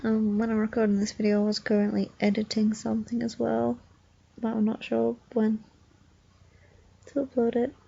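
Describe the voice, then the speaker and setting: A drowsy young woman rambles through a casual vlog from her bed, still yawning. Her voice is gravelly and a little husky, mellow in tone, with a flat, unhurried lilt. The recording sounds dull and lo-fi. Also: on the high side. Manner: drowsy, meandering, soft-spoken. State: sleepy, yawning. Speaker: vlogger. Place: bedroom, lying in bed.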